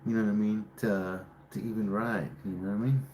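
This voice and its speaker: A man hosting a livestream, chatting casually with viewers, teasing them and guessing their names out loud. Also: on the low side, steady tone, a little fast, a little hiss or hum. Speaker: livestream host. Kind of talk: casual live-stream chat with viewers.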